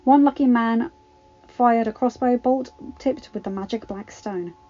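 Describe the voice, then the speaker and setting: A woman reading fan fiction aloud as dramatic audiobook narration, measured and steady. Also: fairly high pitch, dull audio, soft background music.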